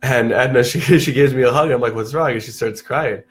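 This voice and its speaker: A young man, telling stories in casual chat, full of restarts and acted-out quotes. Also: fairly quick. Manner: animated, restarts often, acts out quotes in a higher voice. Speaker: podcast guest.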